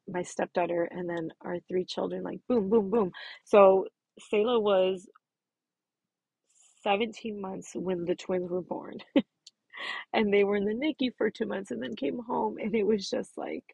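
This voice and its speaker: A woman's voice: medium pitch, creaky, darkish tone, breathy edge, no room sound. A woman in her thirties talking through a personal reflection, earnest and self-affirming, stressing her words by repeating them. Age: 30s. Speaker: podcast host.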